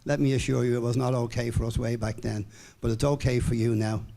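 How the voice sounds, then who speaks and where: An older man from Ireland in his seventies addresses a room in a steady middle-pitched voice. His speech is upbeat and rambling, with many fillers and restarts, as he thanks his audience and colleagues. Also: brisk, creaky. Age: 70s. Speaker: company distributor giving a speech. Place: hall with an audience.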